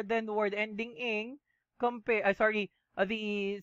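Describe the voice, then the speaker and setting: A woman with a Filipino accent teaching a class, mixing English and Tagalog and slowly spelling out words letter by letter. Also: a little high, no echo, muffled recording. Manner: slow and methodical, spells out letters one by one. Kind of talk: classroom lecture.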